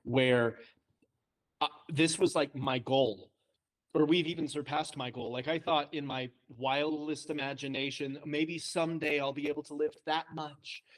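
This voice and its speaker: A man, a high school English teacher, chatting casually and telling self-deprecating stories with frequent laughs. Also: fairly even intonation, a little slow. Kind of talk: casual chat.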